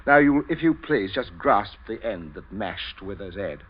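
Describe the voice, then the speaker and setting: A man's voice: on the low side, unhurried, a little hiss or hum. A chuckling, menacing father. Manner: chuckling, calmly commanding. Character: genial, menacing middle-aged father with a gun. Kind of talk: 1940s radio acting. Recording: dull old radio broadcast.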